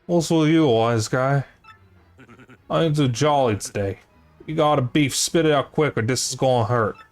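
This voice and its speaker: A man's voice: medium pitch, moderate pace, faint music behind, lightly acted. A man voicing a brash young male mob henchman with a put-on gangster accent, full of wisecracks. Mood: threatening.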